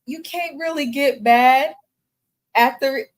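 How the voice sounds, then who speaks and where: A woman's voice: high voice, takes it slowly. A woman co-hosting a casual reality TV recap, giving her opinions bluntly.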